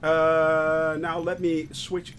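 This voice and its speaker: A man streaming a flight simulator, chatting through his flight with lots of fillers and bursts of excitement. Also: fairly high pitch, drawn-out words, a little hiss or hum. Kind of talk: live gameplay commentary.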